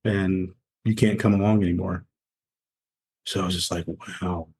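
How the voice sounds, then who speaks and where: Man in his forties, low-pitched, husky, candid storyteller, podcast guest. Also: normal speed. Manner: candid, animated storyteller acting out quoted dialogue. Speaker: podcast guest, former Navy SEAL. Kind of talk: conversational storytelling interview.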